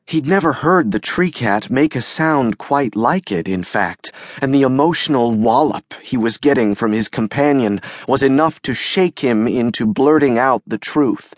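On a close studio mic with a dry sound, a man reads scripted audiobook narration. His medium-pitched voice keeps a measured, even storytelling manner.

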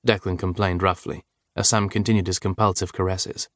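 Low-voiced man narrating an audiobook. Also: little pitch movement, normal speed, few pauses, no echo, studio quality. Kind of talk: scripted narration.

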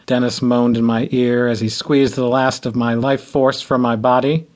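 A man's voice: medium pitch, level tone, moderate pace, few pauses, darkish tone. A man reading an audiobook in first person with a dry, wry humor. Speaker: audiobook narrator.

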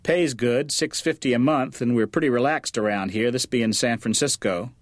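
A man's voice: mid-range voice, normal speed, no room sound, clean studio sound, close to an everyday voice. A man voicing a breezy, salesman-like office manager of about fifty in an audiobook. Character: red-faced, leering man of about fifty. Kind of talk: audiobook character voice.

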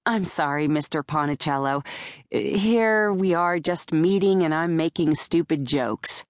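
A brash, wisecracking woman lawyer, as the narrator plays her, lifting her voice into a bright, lively register. She sounds quick and joking. The recording is close and dry. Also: deep voice, no echo. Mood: breezy wisecracking. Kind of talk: audiobook character voice. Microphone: close studio mic.

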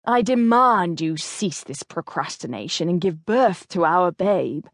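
A woman reading the part of a grim, determined duke in an audiobook, speaking low, firm and measured. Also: lively intonation, fairly bright tone, no room sound, clean studio sound, exaggerated voice. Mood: commanding.

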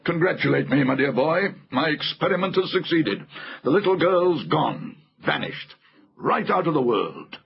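A man's voice: on the high side, lively intonation, normal speed, gravelly, slightly rough, pitched above the performer's own voice, full character voice. A man doing a sly, oily old uncle. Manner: silky, wheedling, with chuckles. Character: sly, scheming elderly uncle, oily and secretive. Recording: muffled audiobook recording, faint music.

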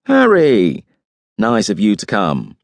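A man's voice: medium pitch, very animated, measured pace, dry recording, pitched above the performer's own voice. A man voicing a cynical, urbane middle-aged pathologist, dry and matter-of-fact.

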